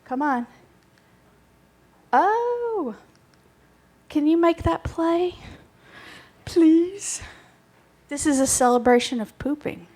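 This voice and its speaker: A woman presenting a playful, crude comic talk on stage at a live bar show, excitable and chatting with the crowd. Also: sits high, slow, pauses often.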